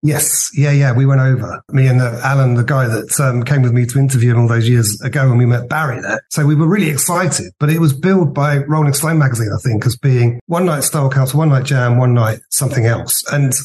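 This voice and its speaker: A man's voice: medium pitch, a little mellow. A man, a podcast guest who recalls things in an easygoing way with a few fillers. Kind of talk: casual interview chat.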